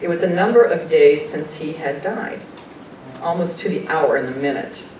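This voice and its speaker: Speaking at a normal pace, a woman guest speaker tells personal stories with earnest, chatty warmth, frequently laughing and quoting others while occasionally choking up with emotion. The talk takes place in a meeting room, and the recording sounds far off and echoey with a rumble underneath.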